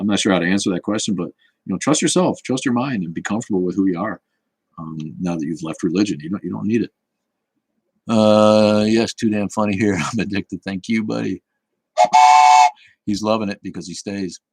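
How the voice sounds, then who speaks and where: Deep husky dude chatting on a stream, snarky, lots of restarts, dry sound. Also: male voice, brisk, darkish tone, dry recording, poor audio. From Boston area. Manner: snarky, rambling, with many restarts. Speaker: livestream host answering chat. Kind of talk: casual livestream chat.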